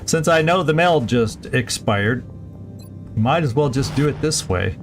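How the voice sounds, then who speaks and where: A man's voice: mid-range voice, animated, measured pace, faint music behind. A man streaming a strategy game, thinking aloud through each move with plenty of fillers and restarts. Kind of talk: casual let's-play commentary.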